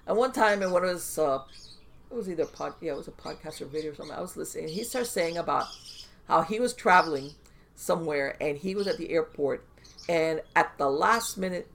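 A woman guest on a podcast, telling stories in a casual, animated way with lots of fillers and restarts. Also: low voice, vocal fry, slight background noise. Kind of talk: casual conversational storytelling.

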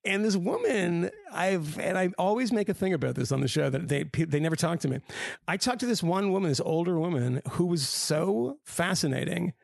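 He co-hosts a podcast panel, casually telling wry, rambling stories and laughing at them himself. His gravelly voice sits high at a moderate pace, with no room sound.

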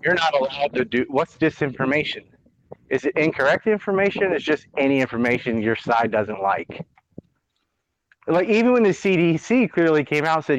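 A man's voice: fairly high pitch, expressive, moderate pace, dull audio. A man hosting a podcast, ranting bluntly and sarcastically with plenty of swearing in casual political chat. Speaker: podcast host.

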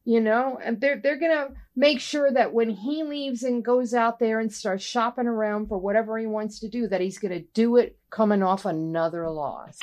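A woman with a slightly high voice hosts a casual fight-sports chat. She leads the segments and gives firm opinions. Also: normal speed, few pauses, a little mellow. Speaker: MMA podcast host.

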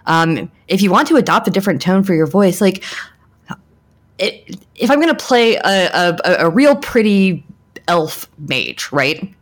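Frank, lower-pitched woman podcast co-host. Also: very animated, measured pace. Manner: frank, talks things through with many restarts and "like"s. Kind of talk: casual roundtable chat.

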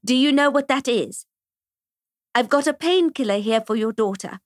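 A woman doing a brisk, impatient older nurse. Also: high voice, expressive, no room sound, studio quality. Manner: brisk, slightly condescending.

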